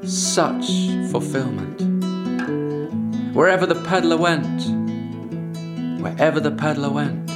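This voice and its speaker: A man telling a fable slowly and unhurriedly, repeating phrases for rhythm. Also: a little high, steady tone. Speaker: storyteller. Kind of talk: spoken storytelling over guitar. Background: guitar music.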